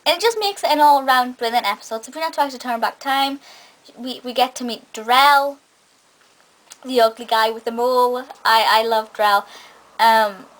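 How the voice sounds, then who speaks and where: A woman's voice: on the high side, moderate pace, a bit bright, poor audio. A young woman giving an enthusiastic, chatty spoken review of a TV episode, often restarting her sentences. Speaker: film and TV reviewer.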